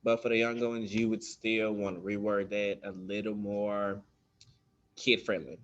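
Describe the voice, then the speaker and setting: A dental instructor gives a loose, conversational lesson on dental terms, full of ums, acting out how kids and staff talk. His voice is lowish and a bit bright, with a flat delivery at normal speed on a lo-fi recording.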